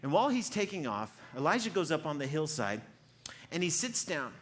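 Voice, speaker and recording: A male pastor preaching a sermon, retelling a story with lively acted-out quotes and frequent repeated words. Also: a little high, brisk. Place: church.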